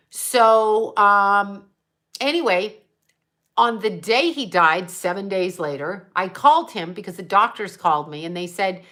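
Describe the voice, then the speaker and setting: A middle-aged psychic medium from the United States shares a personal story on her livestream, addressing viewers directly and wandering between points with deep emotion. She speaks in a bright, clear, mid-range voice that's animated yet unhurried.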